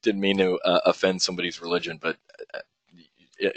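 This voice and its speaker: A man's voice: deep voice, level tone, moderate pace, no room sound, rough recording. A man running a live options trading webinar, talking bluntly and rambling with some profanity as he works through trades on screen.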